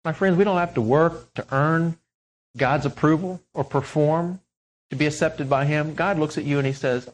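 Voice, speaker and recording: A man preaching a sermon, swinging from loud emphatic peaks to soft, hushed lines. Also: a little high, normal speed, low-quality recording. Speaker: pastor.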